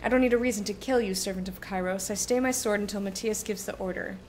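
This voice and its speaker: A woman's voice: mid-range voice, fast, slight background noise, lightly acted. A woman reading aloud as a stern, battle-hardened male soldier guard in a video game, curt and firm.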